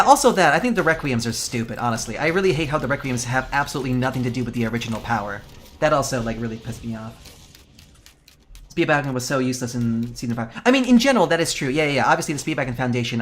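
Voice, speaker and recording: A man's voice: medium pitch, slight background noise. Profane ranting man streaming live. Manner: chatty, reads and answers chat. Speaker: game streamer. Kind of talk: casual live-stream chat.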